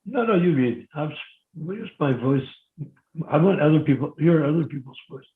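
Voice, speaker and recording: A man's voice: a little high, expressive, moderate pace. A man taking part in a group discussion, prompting others to read the next passage. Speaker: discussion participant. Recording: tinny phone line in an echoey room.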